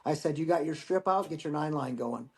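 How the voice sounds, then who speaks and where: A man in his forties, a Marine veteran guest, telling war-training stories in a casual, profane, animated way. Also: a little high, brisk. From United States. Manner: profane, animated storyteller acting out dialogue. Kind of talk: casual storytelling interview.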